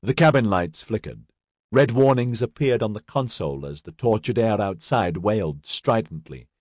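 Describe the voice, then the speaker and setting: A man reading a science fiction story aloud in a measured, expressive way. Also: fairly low pitch, no room sound, clean studio sound. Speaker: audiobook narrator. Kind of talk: scripted narration.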